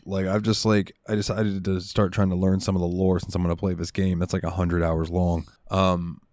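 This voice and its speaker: Young guy on a gaming podcast, kinda deep, um-ing and like-ing through long stories. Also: darkish tone, no echo, clean studio sound. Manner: rambling storyteller, lots of ums and likes. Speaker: podcast co-host. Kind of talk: casual chat.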